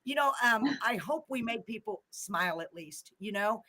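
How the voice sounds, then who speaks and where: Bright, chatty woman host. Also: medium pitch, lively intonation, moderate pace. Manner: effusive, chatty, laughs often. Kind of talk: casual live show chat.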